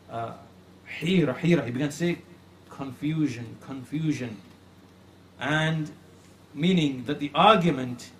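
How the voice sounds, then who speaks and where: A man teaching a lesson on religious creed, earnest and repeating phrases for emphasis, slowing down to stress key points. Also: fairly high pitch, a little hiss or hum. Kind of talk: religious lecture retelling a classical story.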